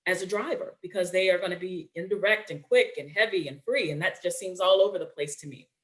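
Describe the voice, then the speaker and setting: A woman's voice: fairly low pitch, a little fast, a bit bright. A woman presenting a webinar in a conversational way, often checking in with listeners and using fillers.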